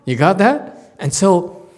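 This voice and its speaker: A man giving a Dharma lecture as a Buddhist teacher, playful and laughing often, moving between loud bursts and hushed asides. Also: high-pitched, big pitch swings, slow. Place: temple lecture hall.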